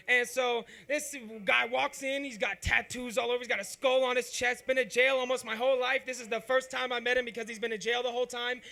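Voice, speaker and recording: A man's voice: very high-pitched, vocal fry, bright, forceful tone. A man doing open mic stand-up, telling a rambling, profane story and often asking "you know what I'm saying". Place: comedy club stage.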